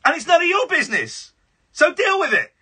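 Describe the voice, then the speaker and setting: A man's voice: very high voice, wildly swooping pitch, a little fast, sharp tone. Sarcastic man hosting radio. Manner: combative, sarcastic, mocking. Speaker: radio phone-in host. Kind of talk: live radio phone-in argument.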